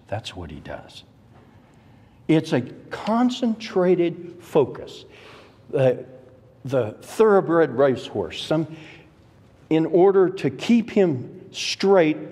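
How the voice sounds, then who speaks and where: A man leads an adult Bible class at a deliberate, unhurried pace, his pitch climbing and dropping widely as he hammers home key words. His voice has a husky edge. It rings with the long reverb of a church hall. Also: mellow. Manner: emphatic, rises sharply on key words; addresses the class directly with questions. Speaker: adult Sunday school teacher.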